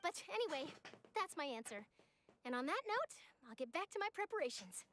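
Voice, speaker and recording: Eager young journalist, very high bright voice, lively swooping delivery, earnest, game character. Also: female voice, fairly quick, a little hiss or hum. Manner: enthusiastic, earnest. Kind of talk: video game voice acting.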